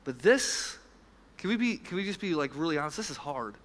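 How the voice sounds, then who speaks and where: A man preaching a sermon as pastor, earnest, swinging between loud emphasis and quiet, low passages. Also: big pitch swings, fairly quick. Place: church sanctuary. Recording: church hall with long reverb.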